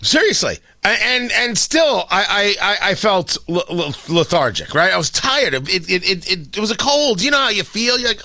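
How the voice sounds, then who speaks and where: Lively, bright-voiced sardonic male commentator. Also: sits high, normal speed, gravelly, few pauses, dry recording, studio quality. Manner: sardonic and opinionated, with frequent emphatic rhetorical questions. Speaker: commentary show host. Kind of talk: opinion commentary monologue.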